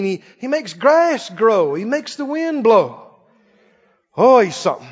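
High-voiced fervent preacher in a hall. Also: male voice, very animated, unhurried, husky. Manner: fervent preaching, swings between booming scripture and quiet asides. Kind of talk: sermon. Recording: muffled sound in a long reverberant hall.

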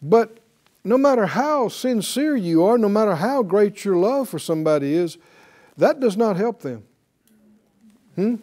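A man's voice: sits high, measured pace, pauses often. A man teaching a sermon, asking rhetorical questions and acting out the people in the story. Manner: animated, acts out quoted voices, rhetorical questions. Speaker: preacher.

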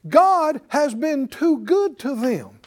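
Male Bible teacher, high and very lively pitch, unhurried delivery, dramatic loud-soft swings. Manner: calls out to the class for responses. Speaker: preacher teaching a Bible class.

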